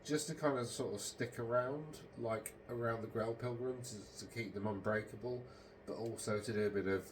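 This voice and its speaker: A man's voice: mid-range voice, steady tone, moderate pace, slight background noise. A man hosting a casual, meandering monologue, hesitant and full of ums and self-corrections. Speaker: podcast host.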